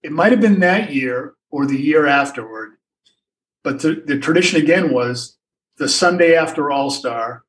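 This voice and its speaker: A man's voice: fairly high pitch, lively intonation, normal speed, fairly bright tone, far from the mic, rough recording. An older man, a sportswriter guest, telling stories in a rambling way with many restarts and asides. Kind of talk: anecdotal storytelling in a podcast interview.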